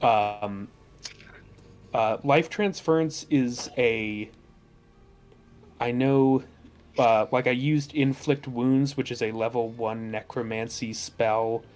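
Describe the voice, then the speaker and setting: Slow, hesitant man at a game table. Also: mid-range voice, fairly even intonation, a little mellow. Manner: hesitant, many fillers. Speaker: player. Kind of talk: casual tabletop game chat.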